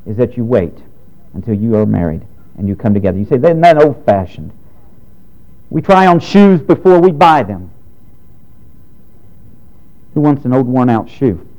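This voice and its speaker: A pastor in his thirties delivers a sermon in a frank, direct way. His pitch swings widely between high emphatic lines and low quiet ones. The voice itself is mellow and dark. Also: dull audio. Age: 30s. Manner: preaching with rising and falling emphasis, direct and frank.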